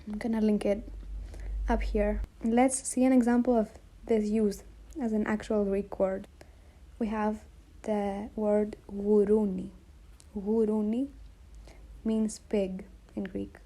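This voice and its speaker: A woman teaching a language lesson, patiently repeating sounds slowly and checking that viewers follow. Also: medium pitch, warm tone, rough recording. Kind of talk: slow explanatory lesson.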